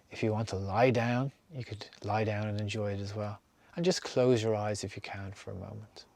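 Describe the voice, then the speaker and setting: A man leading a guided breathing exercise, speaking calmly and slowly with soft, near-whispered exhales. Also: fairly low pitch, dry recording. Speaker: breathing instructor.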